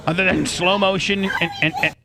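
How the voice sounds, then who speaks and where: A man's voice: high voice, steady tone, moderate pace, vocal fry, bright, forceful tone, a little hiss or hum. A man hosting a radio talk show, reading out legal statutes in a studio with stammering restarts.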